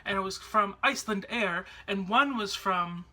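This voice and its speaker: Bright-voiced man telling stories. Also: high voice, normal speed. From Canada. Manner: chatty, rambling, with many fillers and restarts. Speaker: vlogger. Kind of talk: casual storytelling to camera.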